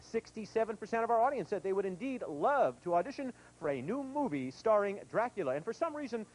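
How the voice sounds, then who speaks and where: A man's voice: high-pitched, sing-song, fast, darkish tone, poor audio. A man hosting a kids' TV game show in a studio with a live audience, bantering playfully.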